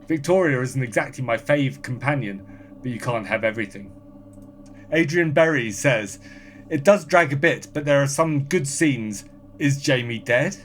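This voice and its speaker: Man, podcast guest, casual chat, reads listener comments, brisk and dry, mid pitch. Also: slight background noise.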